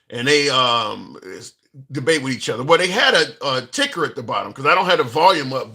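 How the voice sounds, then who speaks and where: A man's voice: mid-range voice, bright, forceful tone. A man hosting a political call-in livestream, reacting to chat messages and repeating his points for emphasis. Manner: talks back to chat and callers, restarts and emphatic repeats. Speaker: call-in show host. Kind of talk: casual political commentary.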